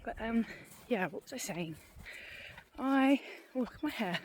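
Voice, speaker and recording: Out walking her dog, a woman vlogger chats casually in a slightly high, expressive voice at an unhurried pace. She rambles, pokes fun at herself and sounds a little out of breath, with background noise around her.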